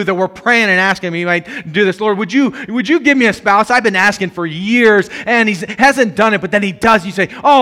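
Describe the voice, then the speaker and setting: A man preaching with a bright, forceful voice set a little high. He is animated, jumping from loud emphatic bursts down to hushed asides, and laughs often as he talks. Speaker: pastor. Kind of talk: sermon.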